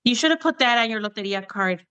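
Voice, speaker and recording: A woman in casual chat, relaxed and reflective, slipping into Spanish now and then. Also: on the high side, fast, smooth. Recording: slightly dull, lo-fi sound.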